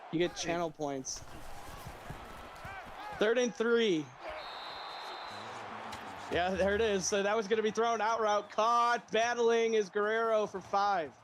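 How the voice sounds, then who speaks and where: A man calling play-by-play for a game stream in a casual, jokey way, laughing often and shouting on big plays. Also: sits high, steady tone, a little slow, pauses often, slight background noise. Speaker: play-by-play commentator.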